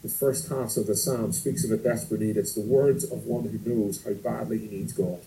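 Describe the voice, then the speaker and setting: A man's voice: lowish voice, steady tone, normal speed, gravelly, mellow, rough recording. A man in his thirties preaching a sermon, telling stories and asking earnest rhetorical questions.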